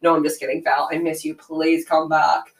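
A woman's voice: low voice, flat delivery, normal speed. A young adult woman hosting a podcast alone, telling a story in casual chat full of "like" and fillers. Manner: chatty, filler-heavy with frequent "like". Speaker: podcast host. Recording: echoey room.

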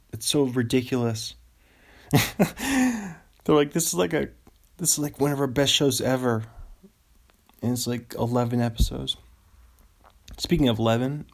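Gravelly, unhurried male podcaster. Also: mid-range voice. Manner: rambling, self-amused, cheers on his own jokes. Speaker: podcast host. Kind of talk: solo podcast chat.

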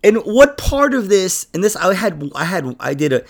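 A young adult man hosts a podcast in loose, casual talk. His pitch swings widely as he rambles, swears and trails off into laughs. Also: big pitch swings, moderate pace. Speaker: podcast host. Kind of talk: casual chat.

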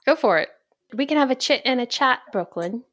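A woman's voice: high-pitched, animated, fairly quick, a bit bright. Upbeat, chatty woman podcast host. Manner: chatty and upbeat, laughs easily. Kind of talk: casual podcast chat.

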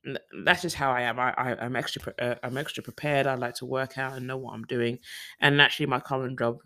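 A man's voice: mid-range voice, steady tone, fast, sharp tone. A young man from the UK talking casually in a personal vlog, rambling with frequent restarts and fillers. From United Kingdom. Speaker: vlogger.

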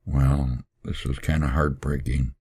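A man reading a first-person story aloud, earnest and unhurried, with occasional fillers and sermon-like asides. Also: rumbling low, flat delivery, darkish tone, breathy edge, dry recording.

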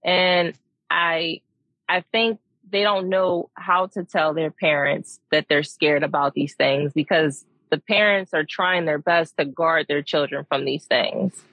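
A woman guest, a behavior analyst, explaining her work in a measured way on a podcast. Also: low voice, steady tone, no room sound, highs cut off. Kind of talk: casual interview chat.

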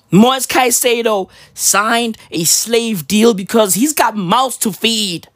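A man ranting casually, rambling in heavy slang with mock patois words, swinging between loud outbursts and low mutters. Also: very animated, a little slow, no echo, clean studio sound. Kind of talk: casual profane rant.

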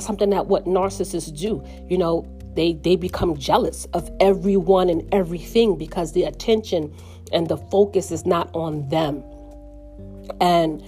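A middle-aged woman and mother speaking earnestly in a reflective personal monologue, slowing down when things get painful. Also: medium pitch, mellow. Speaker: mother sharing her story.

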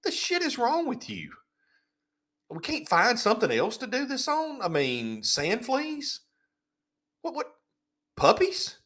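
A man puts on a young man who cannot believe what he is hearing, his voice pitched up high and sharp with outrage. He fires off short, disbelieving questions. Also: wildly swooping pitch, slow, long pauses, exaggerated voice. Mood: incredulous. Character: incredulous young man objecting loudly.

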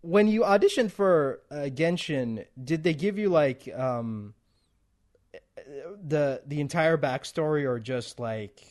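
A man's voice: a little high, takes it slowly. A man interviewing a guest in a casual chat, asking questions with a fan's enthusiasm.

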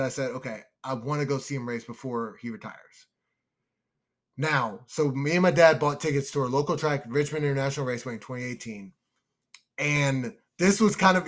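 A young man co-hosting a casual podcast chat, excitable and emotional, calling his listeners "y'all". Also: fairly high pitch. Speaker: podcast co-host.

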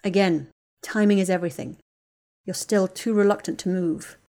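A woman's voice: on the low side, steady tone, moderate pace, a little mellow, natural voice. A woman reading the lines of a guarded, bitter young wizard man in a storybook, speaking in terse, clipped lines. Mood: cold, curt.

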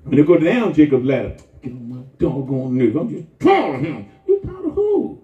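A man preaching a lively, folksy sermon with call-and-response and shouts to the congregation. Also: a little high, normal speed. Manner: folksy, conversational, acts out quoted voices. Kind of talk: lively Palm Sunday sermon. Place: church sanctuary. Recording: echoey church heard from far off over a tinny line.

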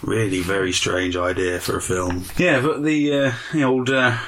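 A man's voice: on the low side, little pitch movement, normal speed, a bit bright, a little hiss or hum. A man hosting a podcast in casual chat, wry and rambling, laughing often. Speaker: podcast host.

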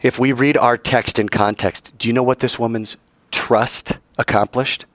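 A male preacher delivering a dramatic sermon, acting out the voices of the story and climbing high in pitch to stress his points. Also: steady tone, normal speed, fairly bright tone, no room sound. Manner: dramatic, acts out voices and soars in pitch for emphasis.

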